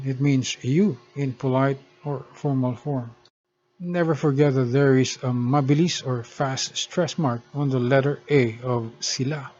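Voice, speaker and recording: A man narrating a language lesson, explaining words and their pronunciation slowly and carefully. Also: mid-range voice, a little mellow. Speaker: language teacher. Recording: dull lo-fi recording.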